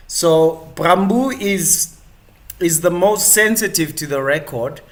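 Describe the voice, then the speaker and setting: Slow-talking chatty male stream host. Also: on the high side, expressive, fairly bright tone. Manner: chatty and rambling, with many fillers and restarts. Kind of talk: live-stream commentary.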